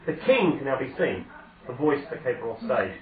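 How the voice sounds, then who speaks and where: A man's voice: medium pitch, big pitch swings, fairly quick, crowd noise. A man narrating a tabletop game as game master, speaking conversationally with frequent hesitations and self-corrections. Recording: echoey, distant, phone-like sound.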